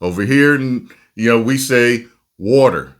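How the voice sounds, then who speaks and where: A man's voice: mid-range voice, unhurried. A man with a New Jersey accent hosting a casual reaction video, ranting and laughing as he talks. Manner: animated, laughing, rambling rants.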